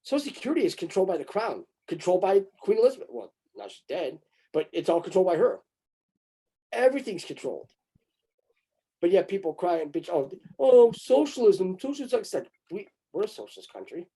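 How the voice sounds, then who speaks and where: Man, husky voice, mellow tone, crude rambling casual talk, mocking asides. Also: high-pitched, big pitch swings, fast talker. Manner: breaks into mocking put-on voices. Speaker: conversation partner.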